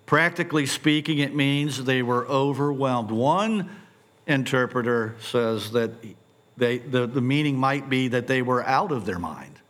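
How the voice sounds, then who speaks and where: A middle-aged man preaching a sermon, posing animated rhetorical questions and stumbling over repeated words when excited. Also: medium pitch, unhurried. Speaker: pastor.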